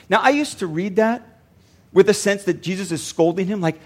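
A man's voice: high-pitched, normal speed, fairly bright tone. An older man, a pastor, preaching a sermon earnestly and repeating lines for emphasis.

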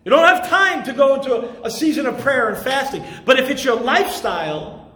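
An impassioned male pastor delivers a sermon in a very high voice. He stresses his points hard and at times rises to shouts. His voice rings in an echoey room. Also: lively intonation, brisk. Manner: impassioned, emphatic, rising to shouts.

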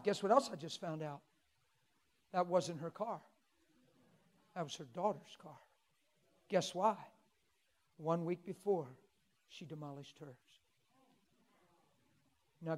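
A male preacher telling a story in a sermon, swinging from soft coaxing to loud exclaiming. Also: high-pitched, measured pace, pauses often.

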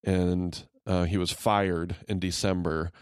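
A man's voice: low voice, little pitch movement, slow pace, clean tone, no room sound, clean studio sound. A middle-aged man co-hosting a podcast in easygoing, rambling casual chat, laughing often. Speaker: podcast co-host.

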